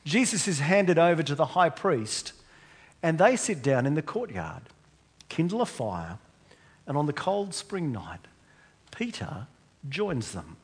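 A man's voice: a little high, big pitch swings, unhurried, pauses often, breathy edge. A man preaching a sermon to a congregation, speaking emphatically and posing rhetorical questions. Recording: long hall reverb.

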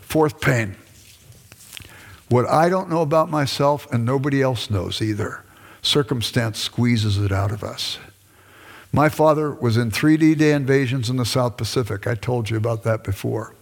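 An older man, a lecturer and former pastor, gives a conversational class lecture in a mid-range voice with vocal fry, speaking at a moderate pace. Along the way he acts out bits of dialogue with his wife, and a hall's long reverb trails his words.

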